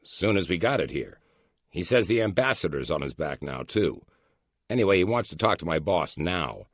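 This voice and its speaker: A morose young agent, glum and weary, speaking in a deep, husky voice, as a man reads him. His pitch still moves a lot as he reports, and the recording is dry and close. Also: animated, moderate pace, no echo. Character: young male agent, morose and put-upon.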